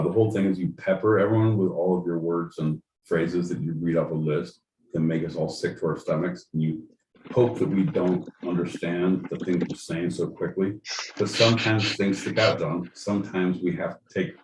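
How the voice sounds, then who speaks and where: A man with a very low voice riffs through crude podcast banter and turns loud and goofy for his bits. He sounds like he is in a roomy, echoing space, with a faint hiss behind him. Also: recorded from a distance. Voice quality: loud, joking, swings into goofy shouted bits. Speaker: podcast co-host. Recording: echoey room with faint noise.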